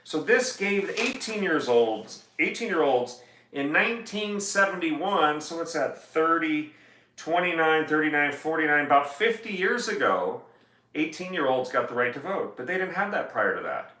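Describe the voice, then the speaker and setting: A man, an attorney, talks casually on a livestream, reading legal text aloud and tossing in quips. His voice is bright and forward. The sound carries a noticeable room echo from his home music room. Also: fairly high pitch, lively intonation, moderate pace. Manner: chatty, reads legal text aloud then jokes about it.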